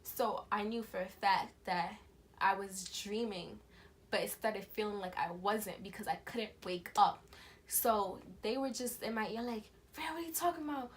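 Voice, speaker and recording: A woman's voice: mid-range voice, measured pace. A young woman vlogger telling a storytime tale in casual, slangy speech, acting out the voices of the people in it. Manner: animated storytelling, acts out quoted voices. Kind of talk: storytime vlog.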